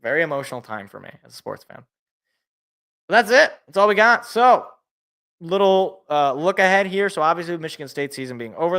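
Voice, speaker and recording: Bright-voiced man hosting a sports show. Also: on the high side, clear, resonant tone. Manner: rambling, self-correcting, laughs at own jokes. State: voice feels worn out. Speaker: sports podcast host. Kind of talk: casual sports talk show.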